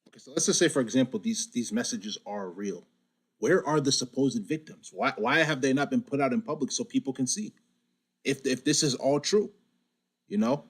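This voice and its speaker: A man's voice: medium pitch, normal speed, slightly rough. A man hosting a casual podcast chat, arguing his point with pointed questions. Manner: questioning, argumentative.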